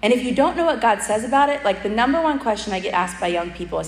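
A woman's voice: fairly high pitch, lively intonation, quick pace, slight background noise. A young woman giving a humorous, chatty sermon with personal stories and many asides. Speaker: speaker at a church event. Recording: echoey hall with long reverb.

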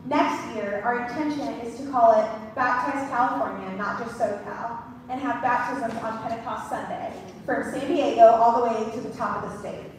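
A woman's voice: on the high side, normal speed. A woman giving an upbeat, explanatory announcement to a church gathering in a fellowship hall. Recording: echoey hall, distant mic, faint noise.

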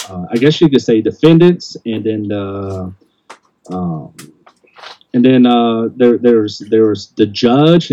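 A man's voice: fairly low pitch, dark tone, highs cut off, a little hiss or hum. An older man hosting a casual podcast chat, blunt and rambling, often restarting his sentences. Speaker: podcast host.

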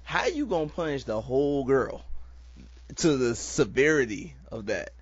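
A man's voice: mid-range voice, expressive, moderate pace, husky, dry recording. A man in casual chat, joking and playful with exaggerated reactions. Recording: dry, slightly dull sound.

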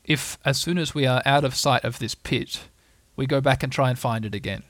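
A man voicing a slow, gentle, humble teddy bear who speaks softly. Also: medium pitch, no room sound, lightly acted.

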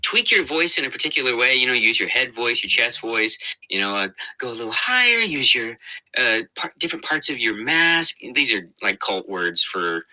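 Male voice actor guest, very bright forceful tone, lively pitch, easygoing and chatty. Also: normal speed, low-quality recording. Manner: animated, laughs often, many fillers and restarts. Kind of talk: casual interview chat.

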